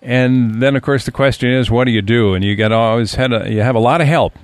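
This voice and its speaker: A man hosting a radio interview, introducing his guest and asking questions in a halting way with fillers. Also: medium pitch, no room sound. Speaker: radio host.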